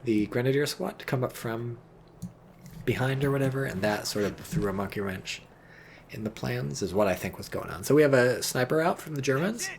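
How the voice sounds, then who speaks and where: A man's voice: medium pitch, lively intonation, a little fast, creaky, a little hiss or hum. A man giving casual, chatty play-by-play commentary on a strategy game, joking and swearing off-hand on a desk mic. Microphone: desk microphone. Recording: voice over loud game battle audio.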